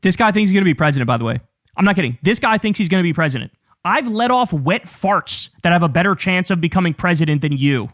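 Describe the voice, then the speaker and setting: A man's voice: high-pitched, animated, fast, fairly bright tone, no echo, clean studio sound. A man hosting an angry political commentary show, ranting with profanity and sarcasm at clips he plays.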